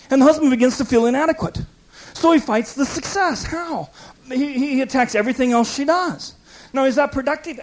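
High-voiced preacher man telling stories. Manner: animated storytelling, acts out quoted voices. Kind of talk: sermon.

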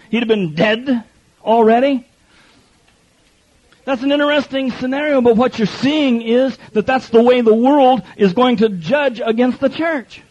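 A man preaching a sermon in a lively, joking way, reading scripture aloud and acting out the speakers. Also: very high-pitched, a little slow, dull audio. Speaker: pastor.

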